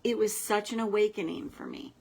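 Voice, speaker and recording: A woman hosting a casual self-help coaching livestream, speaking in a soothing way and sometimes dropping to a gentle whisper. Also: mid-range voice, a little fast, gravelly, slightly rough, poor audio. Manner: talks casually and drops at times into a soft, soothing whisper.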